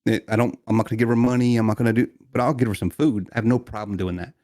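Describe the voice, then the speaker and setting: A man co-hosting a podcast, telling a family story in casual chat with lots of laughter and animated retellings. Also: rapid-fire, dry recording, studio quality. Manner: animated, mimics people in high voices, laughs often. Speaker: podcast co-host.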